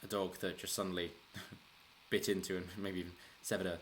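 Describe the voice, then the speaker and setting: A man's voice: low voice, level tone, normal speed, slight background noise. A man hosting a casual solo political commentary, rambling with restarts and chuckling as he talks. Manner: rambling, frequent restarts, chuckles while talking. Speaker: political commentary channel host.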